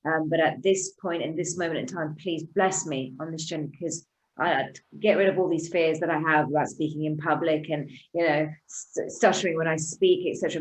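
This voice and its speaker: Woman guest, low voice, earnest and halting, restarts often. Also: poor audio. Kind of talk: emotional conversational speech.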